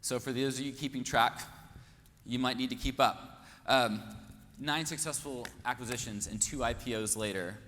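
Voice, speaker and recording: A man's voice: medium pitch, moderate pace, fairly bright tone. A man from Kansas hosting a conference, giving an earnest, rousing speech full of rhetorical questions on a stage microphone. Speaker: conference host. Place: large hall, on stage. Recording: echoey hall with faint noise.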